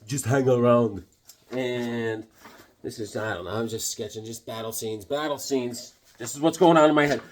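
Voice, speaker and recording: Husky, excitable comic book vlogger guy. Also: a little high. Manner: excitable, jokey, rambling, with sudden loud outbursts. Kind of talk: casual chat showing sketches.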